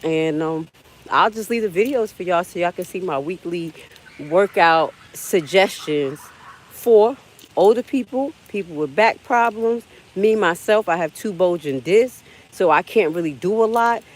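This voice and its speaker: On a rough recording, a woman in her forties with a lowish voice and lively intonation speaks unhurriedly to viewers of her casual live walking vlog. Out in a park, she chats with them as "y'all" and "baby" while climbing steps and getting winded.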